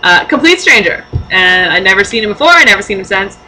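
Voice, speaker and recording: A young woman chats to her camera, telling stories in a loose, rambling way. Her voice is bright and lively, peppered with ums, likes and little laughs. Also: medium pitch, fast talker, slight background noise, low-quality recording. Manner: giggly, lots of fillers and laughing asides. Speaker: vlogger. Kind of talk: casual storytelling to camera.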